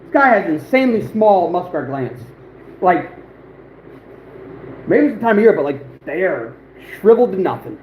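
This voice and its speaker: A man's voice: high-pitched, big pitch swings, moderate pace, long pauses, highs cut off. A man hosting an outdoors livestream, chatting casually and rambling with many fillers as he talks to viewers. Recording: roomy echo, faint background noise.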